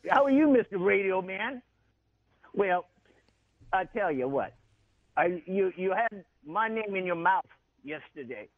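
A radio host putting on a high, stammering impression of a boxer, mocking him. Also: male voice, sing-song, a little slow, long pauses, dry recording, narrow, tinny audio. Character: boxer impression, gruff nasal older man.

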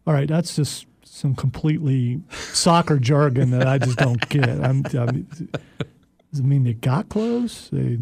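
A man's voice: medium pitch, a little slow, creaky, a little mellow, husky, no room sound. A man co-hosting a sports radio show, chatting casually, often hesitating and tripping over his words. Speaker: radio co-host.

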